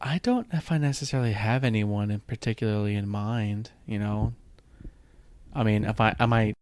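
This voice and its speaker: A man's voice: fairly low pitch, moderate pace, a little mellow, no room sound. A man co-hosting a podcast in casual chat, easygoing and agreeable, often answering with short "right" and "mm-hmm". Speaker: podcast co-host. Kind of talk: casual chat about musical theater.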